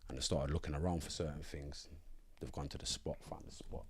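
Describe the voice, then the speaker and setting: A man from Nottingham, a podcast guest telling animated stories in heavy street slang and acting out what others said. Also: very deep voice, fairly quick, background noise. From Nottingham, England. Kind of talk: casual storytelling in an interview.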